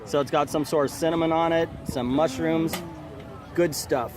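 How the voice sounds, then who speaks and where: A man hosts a chatty food vlog outside at a theme park festival, joking around and reading menu items out loud as music blares nearby. His voice is a little high, with fairly even intonation at normal speed.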